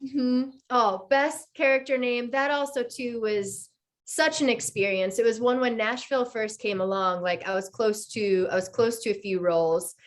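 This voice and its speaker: Actress lady in her 30s chatting on a podcast, excited storyteller, kinda high voice. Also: normal speed. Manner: enthusiastic storyteller, acts out quotes. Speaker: actress guest. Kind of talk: casual interview chat.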